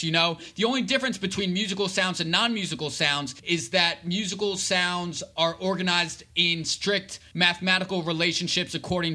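A man's voice: high voice, bright, forceful tone. A man, an author, explaining ideas in an interview, talking through examples with many fillers. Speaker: author and guest.

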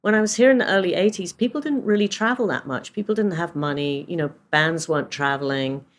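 A woman's voice: on the low side, brisk. A British woman from England in her sixties, a photographer telling stories in a casual interview, chatty and full of fillers. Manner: chatty storyteller with many fillers and laughs. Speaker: photographer guest.

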